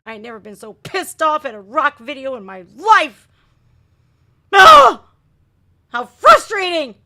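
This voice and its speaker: A middle-aged woman, chatting loudly and excitably on a live stream while reacting to music videos. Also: high voice, moderate pace. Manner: loud, brash and excitable, shouting and laughing.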